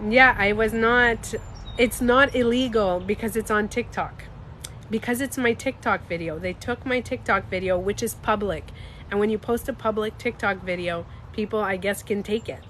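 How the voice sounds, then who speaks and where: A woman talking casually to her live-stream viewers, animated and emphatic, swearing and laughing as she goes. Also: medium pitch, normal speed, a little hiss or hum. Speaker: beauty coach and vlogger.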